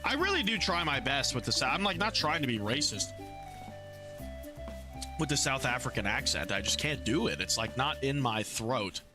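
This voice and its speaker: A man's voice: mid-range voice, moderate pace, over music. A man streaming a game, chatting loosely with viewers, swearing casually and greeting them by name. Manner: soothing coos when calming his pet rats. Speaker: gaming streamer. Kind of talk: casual live-stream chat.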